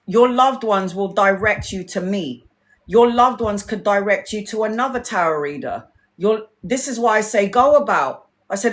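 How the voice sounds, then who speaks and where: A woman tarot reader chatting casually on a live stream, an animated storyteller who swears freely and acts out what others said. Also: medium pitch, normal speed.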